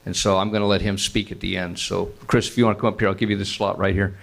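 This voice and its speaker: A man's voice: low-pitched, flat delivery, fast, creaky. A man moderating a conference panel, polite and a little hesitant.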